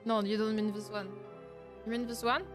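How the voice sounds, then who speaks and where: A woman's voice: on the high side, flat delivery, normal speed, music in the background. A woman with a French accent chatting casually on a live stream, playful, slipping in French words and laughing often. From France.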